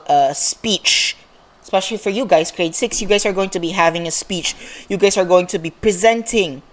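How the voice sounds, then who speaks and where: A woman teacher giving a recorded lesson to sixth graders, explaining step by step and checking in often with a quick "okay?". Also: on the low side. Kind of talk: recorded online class lesson.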